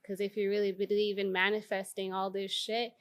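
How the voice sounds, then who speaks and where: Woman activist guest, candid and blunt, swears freely, animated storyteller. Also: medium pitch, a little fast. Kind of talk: candid conversational interview.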